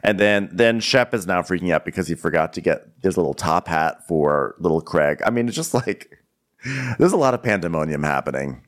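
A man's voice: deep voice, expressive, a little fast. A man co-hosting a podcast, chatting casually, laughing often and putting on voices as he retells scenes. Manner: giggly, acts out voices of people he retells. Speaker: podcast co-host. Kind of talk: casual chat recapping a reality show.

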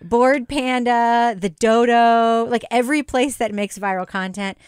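Woman podcast host, forties, smooth clear voice, animated and laughing. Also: fairly high pitch, a little slow, no room sound, clean studio sound. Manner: chatty, laughs often, animated storytelling. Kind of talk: casual podcast chat.

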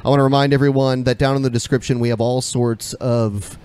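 A man's voice: medium pitch, fairly even intonation, a little fast, a little mellow, clear, resonant tone. A man co-hosting a podcast in casual, crude, jokey chat, reading out viewer comments. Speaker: podcast co-host.

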